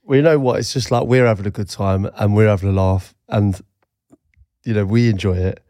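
A man's voice: fairly low pitch, a little fast, mellow, no room sound, clean studio sound. A man in his thirties co-hosting a podcast in an easygoing, joking way, laughing often. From England. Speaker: podcast co-host. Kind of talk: casual chat.

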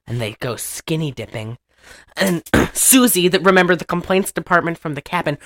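A woman hosting a casual chat, rambling through a movie recap, often laughing and clearing her throat. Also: low-pitched, fairly quick, dry recording. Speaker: podcast host.

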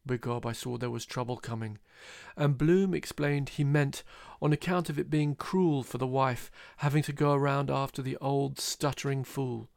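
A man reading a literary novel aloud, telling it in a measured, wry way. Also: medium pitch, steady tone, gravelly, darkish tone, no echo, clean studio sound. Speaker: audiobook reader. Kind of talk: literary reading with voiced characters.

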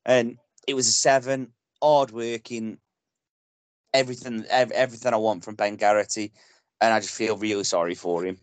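A man's voice: on the low side, fairly even intonation, normal speed, no room sound. A man from the Potteries, co-hosting a casual football podcast and giving his blunt, passionate verdict on the players with plenty of swearing. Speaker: podcast co-host.

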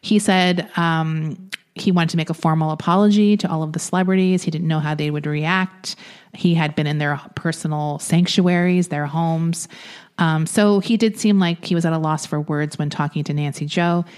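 A woman with a fairly low voice casually tells a true-crime story on a podcast. She chats loosely, with frequent laughter and filler words. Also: fairly even intonation, moderate pace, a little mellow, clear, resonant tone. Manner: chatty, laughs often, uses fillers. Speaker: podcast co-host.

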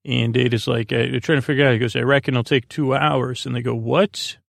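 A man's voice: medium pitch, steady tone, fairly quick, gravelly, no room sound, clean studio sound. A man hosting a podcast, casually recapping an episode with many fillers and quoting characters in his own voice. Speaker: podcast host.

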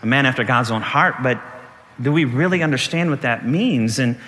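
A middle-aged man, a pastor, preaching a sermon with animated storytelling, laughing through his stories and jumping high in pitch when he acts out panic. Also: moderate pace, big-room sound. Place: church.

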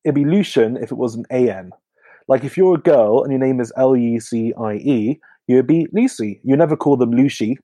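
An English man with a slight lisp, a comedian chatting casually as a podcast guest and telling animated stories. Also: mid-range voice, normal speed, no echo. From England.

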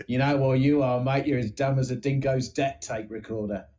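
A man's voice: mid-range voice, fairly even intonation, normal speed, warm tone, natural voice, poor audio. A man doing an Australian gold prospector in an improvised comedy sketch, with rambling, crude, swear-heavy banter. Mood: boasting banter. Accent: Australian, put on. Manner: rambling, swearing, crude comparisons ending in "mate". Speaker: podcast co-host.

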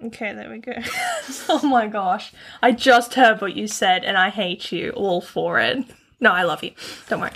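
A woman co-hosting a casual podcast chat, playful and quick to laugh, steering the conversation along. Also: medium pitch, fairly even intonation, creaky, fairly bright tone. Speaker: podcast co-host and editor.

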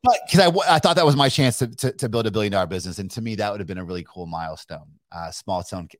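Deep-voiced, swearing storyteller from Kentucky. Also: male voice, very fast, no room sound, clean studio sound. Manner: animated, profane, laughs mid-story, many restarts. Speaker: guest entrepreneur. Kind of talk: casual storytelling interview.

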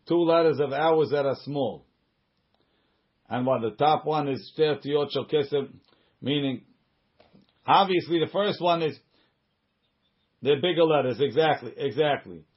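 A man leads a Talmud study class, reading each line of the text and then explaining it in plain, conversational English. He often restarts sentences and drops in side remarks. His voice is slightly husky, and the recording sounds dull and lo-fi. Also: fairly high pitch. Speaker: Talmud teacher.

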